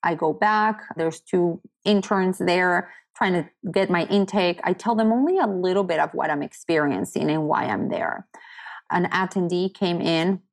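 Woman guest, low voice, candid, earnest storytelling, quotes people a lot. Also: normal speed, vocal fry. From United States. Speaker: podcast guest. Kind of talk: personal story in casual conversation.

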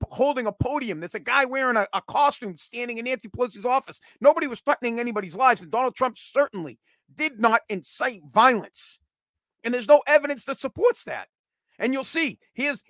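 A man's voice: very high-pitched, fairly bright tone, dry recording. A man giving a heated, sarcastic political rant, swearing and repeating himself as he gets worked up. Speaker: political commentator.

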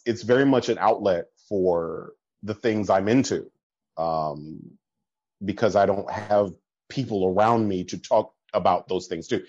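Lo-fi man telling animated stories. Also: on the low side, slightly rough, no echo. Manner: animated storytelling with laughs and quoted voices. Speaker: podcast guest. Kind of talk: casual conversation.

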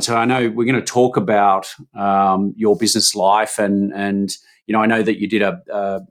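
A man with an Australian accent, hosting a business podcast and introducing his guest in an earnest manner. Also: on the low side. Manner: earnest, many restarts. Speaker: podcast host.

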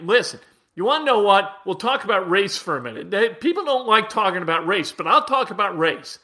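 A man's voice: high voice, very animated, moderate pace, bright, forceful tone. A man hosting sports talk, blunt and emphatic, speaking straight to his listeners. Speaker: sports radio host.

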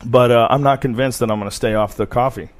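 Podcast host dude, mid voice, casual and jokey, swears a lot. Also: male voice, medium pitch, fairly even intonation, fast. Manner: loose, profane, jokey.

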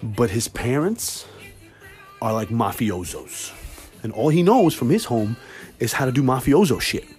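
A man hosting his own podcast, talking casually and swearing a lot as he tells animated workplace stories, then giving cooking tips more calmly and quietly. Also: medium pitch, unhurried, soft background music. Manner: animated storytelling with lots of swearing. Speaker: podcast host. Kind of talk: casual monologue.

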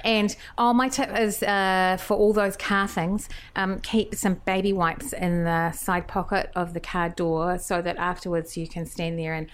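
A woman's voice: fairly low pitch, flat delivery, measured pace, hardly any pauses, smooth. A woman in a casual chat, giving tips with a wry, dry humour.

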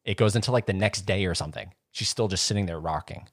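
Deep-voiced man telling a story. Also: fast talker, husky, no echo, studio quality. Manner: rambling storyteller, acts out scenes with voices. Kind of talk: casual chat about horror movies.

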